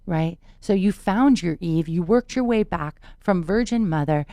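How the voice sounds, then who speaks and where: Low-voiced earnest woman telling her story. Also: expressive, unhurried, warm tone, dry recording, clean studio sound. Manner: earnest, emphatic, repeats words for weight. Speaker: podcast guest, spiritual teacher. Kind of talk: personal storytelling in a podcast interview.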